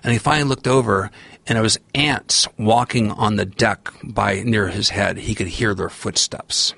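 A middle-aged man, a podcast guest, telling a long story in a rambling, animated way and acting out the voices he quotes. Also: on the low side, moderate pace, vocal fry, no echo. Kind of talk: storytelling in a long-form interview.

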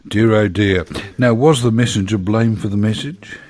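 A man's voice: fairly low pitch, moderate pace, darkish tone, slight background noise. A man hosting a radio interview, asking questions conversationally and reacting with quips and exclamations.

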